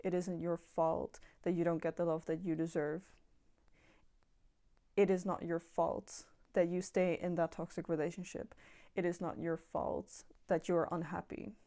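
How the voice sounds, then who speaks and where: A woman's voice: fairly low pitch, little pitch movement, a little slow, dark tone. A young woman talking casually and earnestly to viewers about self-improvement, reassuring and repeating herself, swearing now and then. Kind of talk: casual monologue to camera.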